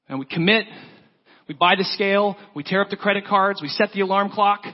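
Earnest preacher in an echoing hall. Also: male voice, high-pitched, fairly even intonation, brisk. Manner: storytelling, acts out quoted lines, earnest. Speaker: pastor. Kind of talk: sermon. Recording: dull lo-fi sound with long church reverb.

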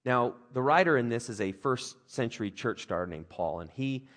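Animated casual man preaching a sermon. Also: mid-range voice, normal speed. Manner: animated, conversational, jokey, with playful voices for others. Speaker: pastor.

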